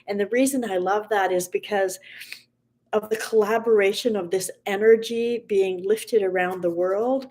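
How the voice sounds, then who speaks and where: Woman gently reading an inspirational story. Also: medium pitch, steady tone. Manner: gentle, slow storytelling, softening to near whispers. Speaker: host of a motivational livestream.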